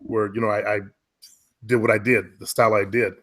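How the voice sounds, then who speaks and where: A man with an American accent, chatting casually and giving relaxed, talkative advice about voice work. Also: on the low side, brisk. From United States. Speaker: guest, former radio and commercial voice talent. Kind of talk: casual conversation.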